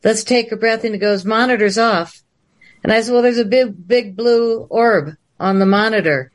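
Speaking at a moderate pace in a fairly high voice, a woman filmmaker spins a lengthy, animated tale during a livestream. The audio comes through a video call, and she voices the dialogue as different characters.

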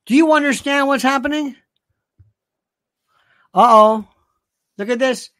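A man's voice: very high voice, a little slow, a bit bright. A man hosting his own show, delivering an emphatic, opinionated monologue and repeating himself for emphasis. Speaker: show host.

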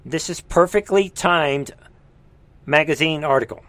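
Man, political commentary host, emphatic, sarcastic, slightly high voice, dry close sound. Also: measured pace, no room sound. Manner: emphatic, sarcastic, jumps between loud exclamations and muttering. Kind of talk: live-streamed political commentary.

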